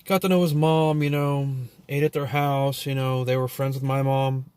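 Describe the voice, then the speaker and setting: A man's voice: medium pitch, little pitch movement, moderate pace, darkish tone, clean tone, no echo. A man telling a long story as a vlogger in a casual, profane rant that rambles and is full of "you know" and "like".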